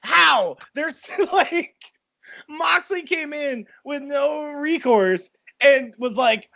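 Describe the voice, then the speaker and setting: A man co-hosting a wrestling review podcast, telling stories excitedly with lots of fillers in casual chat. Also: very high voice, creaky, lo-fi sound. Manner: excitable, quick storytelling with many fillers. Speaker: podcast co-host.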